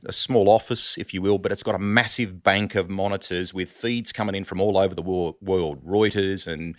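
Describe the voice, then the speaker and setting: A middle-aged Australian man telling animated stories in a casual podcast chat, calling the host "mate" a lot. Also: low-pitched, normal speed, no room sound, clean studio sound. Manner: animated storyteller, says "mate" often. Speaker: sports broadcaster, guest.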